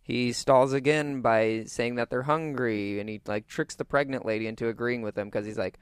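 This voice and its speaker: A man's voice: medium pitch, fairly even intonation, normal speed, hardly any pauses, clear, resonant tone, no echo. A young man co-hosting a casual podcast, recapping a movie plot in a wry, laid-back way. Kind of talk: casual chat reviewing a movie.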